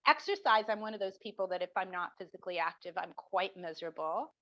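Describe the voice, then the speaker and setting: A middle-aged woman, a marketing professor, answering interview questions as an animated storyteller who acts out the people she quotes. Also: fairly low pitch, fast talker, dry recording. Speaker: marketing professor, podcast guest. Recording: dull dry lo-fi sound.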